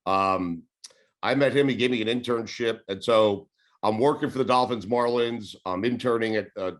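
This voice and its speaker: A man in his forties with a New York accent tells stories in a loose, rambling way. His voice sits a little low, and he drops in the odd swear word and laugh. It sounds like casual podcast talk. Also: normal speed. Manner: rambling, laid-back, swears and laughs while telling stories. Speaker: sports radio host, podcast guest. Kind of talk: casual interview storytelling.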